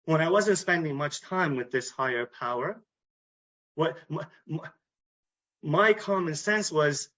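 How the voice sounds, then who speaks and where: A man with a Canadian English accent giving an earnest personal talk at a recovery meeting, repeating phrases and pausing to restart. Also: fairly high pitch, lively intonation, a bit bright. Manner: earnest, repetitive, with pauses and restarts. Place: meeting hall. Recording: dull lo-fi recording.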